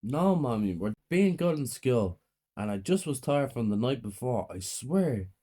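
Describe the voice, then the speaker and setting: Scared young girl, voiced by a man, high strained pleading, horror story. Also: very animated, unhurried, warm tone, husky.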